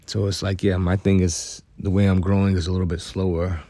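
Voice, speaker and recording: A man's voice: low voice, little pitch movement, a little fast, warm tone, no echo. A man vlogging casually as he talks to himself, rambling and reflective, often asking "you know what I'm saying?". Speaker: vlogger and musician.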